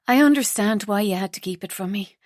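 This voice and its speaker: A woman narrator voicing a warm, earnest young heroine with an emotional, bright delivery. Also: medium pitch, fairly quick, no room sound, studio quality, natural voice.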